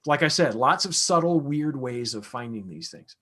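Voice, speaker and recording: A man's voice: mid-range voice, expressive, normal speed, sharp tone. A man, an astronomer, answering audience questions in a casual, conversational lecture with frequent fillers and restarts.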